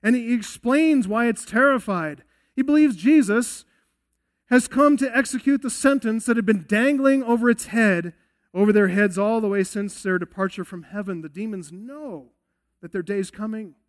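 A man's voice: high-pitched, moderate pace. A male pastor preaching an expository sermon, earnest and emphatic, often asking rhetorical questions.

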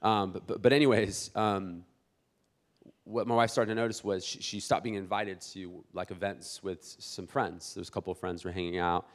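A man in his thirties preaching a sermon as a pastor, animated and conversational, acting out church members and often restarting his words. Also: sits low, moderate pace. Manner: many restarts and repeated words.

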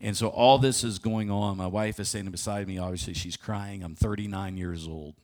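Low-voiced pastor telling a story. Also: male voice, steady tone, normal speed, a little mellow. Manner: vivid personal storytelling with frequent restarts. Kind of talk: sermon storytelling. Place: church sanctuary.

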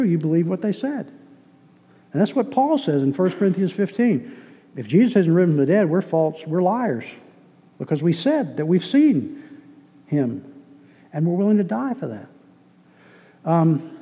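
A man from Boston delivers a teaching sermon in a casual, conversational way, often repeating himself and tossing questions to his audience. His voice sits a bit high but has a dark, mellow tone. It rings with a long reverb, as if heard in a large church hall.

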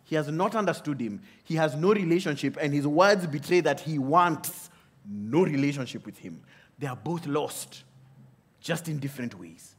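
A man preaching a sermon in an animated way, often asking the audience questions. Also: a little high, moderate pace, husky.

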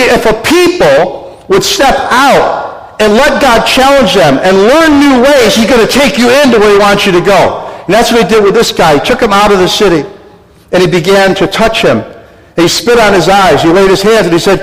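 Older man, pastor, sermon, exhorting, coughing, higher voice, long echoey hall. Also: normal speed, a bit bright. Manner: exhorting, call-and-response with congregation.

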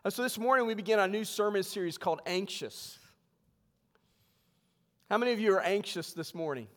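A man preaching as pastor in a church sanctuary, reading scripture slowly and then talking with humor in a conversational way. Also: high-pitched, a bit bright. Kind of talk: sermon. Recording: long hall reverb.

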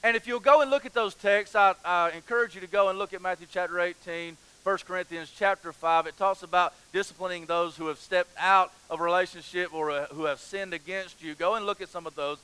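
High-voiced pastor preaching with passion. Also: male voice, brisk, few pauses, bright, forceful tone, clean tone, rough recording. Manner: impassioned, repeats phrases, rhetorical questions. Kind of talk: sermon.

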